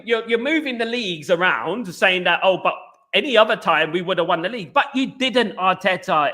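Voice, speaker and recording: A man from England hosting a casual live football fan stream. He gives animated shout-outs to viewers and rambles with frequent restarts. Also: high-pitched. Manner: animated, greets viewers by name with "big up". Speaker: football fan channel host.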